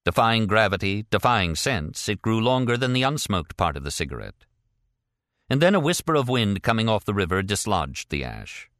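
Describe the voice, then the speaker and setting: A man reading a thriller audiobook in a measured, expressive storytelling voice. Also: on the low side, no room sound, studio quality. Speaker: audiobook narrator. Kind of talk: scripted narration.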